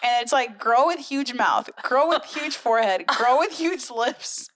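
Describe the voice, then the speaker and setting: Bright higher-voiced woman co-host. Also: animated, measured pace. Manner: reactive, exclaiming, rambling storyteller. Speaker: podcast co-host. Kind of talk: casual chat.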